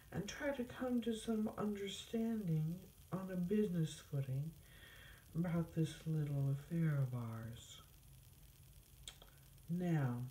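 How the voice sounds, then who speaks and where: A woman's voice: low-pitched, mellow, a little hiss or hum, pitched above the performer's own voice. A woman voicing a frank, pleasant knight in a storybook reading, speaking in an easy, reasonable way. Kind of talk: storybook read-aloud. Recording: roomy echo.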